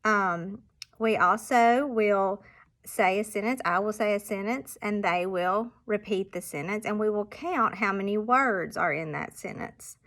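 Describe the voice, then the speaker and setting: A woman primary school teacher explaining reading exercises to parents, patiently sounding out example words with clear emphasis. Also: mid-range voice, measured pace, fairly bright tone.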